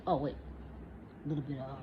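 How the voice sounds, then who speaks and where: Her bass voice stays level in tone while she talks quickly. A woman in her forties, she's ranting casually and profanely, worked up and talking back at someone imagined. Faint noise runs under the dull, lo-fi recording.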